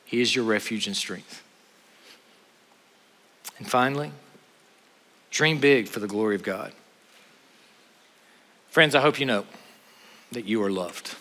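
A man preaching a sermon to an audience, animated and acting out scripture scenes in quick voices. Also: fairly low pitch. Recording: long hall reverb.

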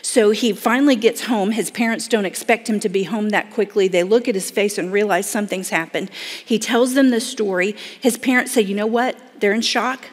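A woman speaking to a gathered audience, telling a tense story and voicing its people with feeling. Her voice sits at an ordinary pitch. The sound carries a long reverb, as in a large hall. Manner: dramatic, acts out quoted voices. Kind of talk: emotional storytelling talk.

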